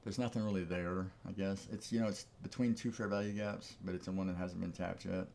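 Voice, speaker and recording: A man's voice: low-pitched, fairly even intonation, a little fast, gravelly, darkish tone, slight background noise. A man giving casual live-stream commentary on his trades, thinking aloud in an easygoing way. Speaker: trading streamer.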